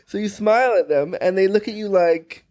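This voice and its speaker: Brief: bright high-pitched male host, teasing and upbeat. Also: a little fast. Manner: playful, teasing, enthusiastic. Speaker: podcast host. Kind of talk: casual interview chat.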